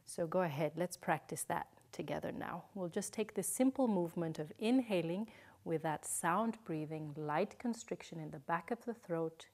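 Woman yoga teacher, lowish voice, slow calm cues, some whispered. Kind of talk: guided yoga instruction.

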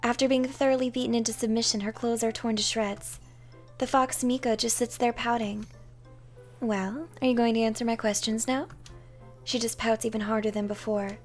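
Soft-spoken woman reading a game aloud. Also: a little high, fairly even intonation, moderate pace, soft background music. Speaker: game streamer.

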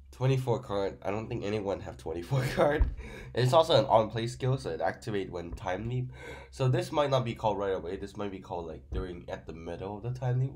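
A man's voice: fairly low pitch, a little mellow. A man who is sick, giving a casual, rambling card-game review in with many fillers. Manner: non-native grammar, rambling with fillers. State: sick, stuffy voice.

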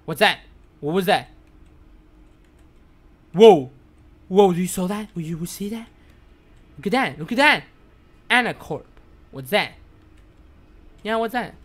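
A man whose first language is Spanish, streaming a game live in broken English, jumpy and quick to yelp and curse when startled. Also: sits high, animated, fairly bright tone. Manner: broken, non-native English.

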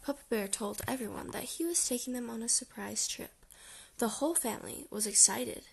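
A woman reading a children's storybook aloud softly, sometimes near a whisper. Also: on the high side, expressive, brisk, creaky, husky. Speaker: audiobook reader.

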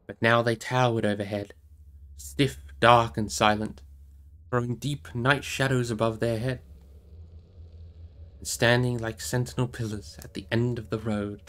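A man reading a fantasy novel aloud on a live stream in a steady, measured way. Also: medium pitch. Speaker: audiobook reader on a live stream.

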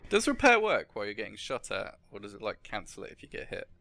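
A man chatting casually while playing a game, joking and self-mocking, with excitable outbursts. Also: fairly low pitch, fast talker, gravelly. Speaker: gamer co-host. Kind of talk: casual gameplay chat.

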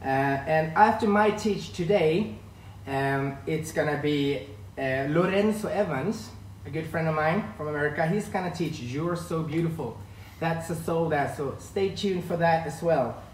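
A man's voice: on the high side, measured pace, reverberant, distant mic, slight background noise, poor audio. A man in his thirties from northern Sweden with a Swedish accent, a line dance instructor chatting casually on a live stream and greeting viewers by name. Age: 30s. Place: room at home.

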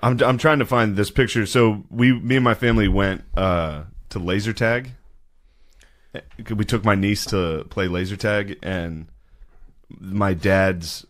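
A man's voice: on the low side, fairly even intonation, a little slow. A man telling a crude story in casual podcast chat, laughing through it.

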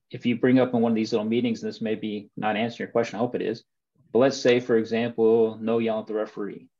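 A man's voice: medium pitch, warm tone. Folksy man on muffled audio. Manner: folksy, storytelling, asks questions. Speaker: webinar host for soccer coaches. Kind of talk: casual coaching talk.

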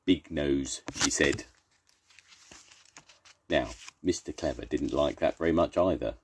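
An older man, a grandfather, reading a children's story aloud in a playful, animated way. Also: extremely low pitch, a little slow, slightly rough.

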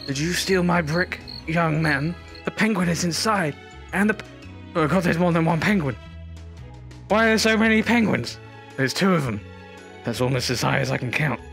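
A man's voice: on the high side, creaky, fairly bright tone. A man giving theatrical, rambling commentary on a VR game while hamming up a drunk character. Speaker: VR gameplay streamer. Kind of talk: comedic VR gameplay commentary.

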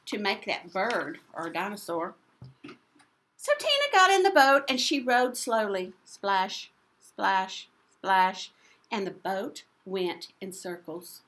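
A woman teacher reads a storybook aloud to young children, playful and full of questions. Her voice is bright and fairly high, with lively swoops in pitch. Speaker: preschool teacher. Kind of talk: reading a picture book to children.

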